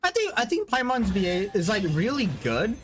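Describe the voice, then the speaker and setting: A man's voice: high voice, huge pitch swings, moderate pace, a bit bright. A man streaming a game, rambling casually, swearing and stammering, with a headache. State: has a headache. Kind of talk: casual live-stream commentary.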